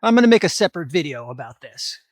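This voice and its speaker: A middle-aged fitness vlogger delivers motivational advice straight to camera in a rather high, sing-song voice at a quick pace. He's blunt and emphatic, with some mild cursing, and the room sounds dry with no echo.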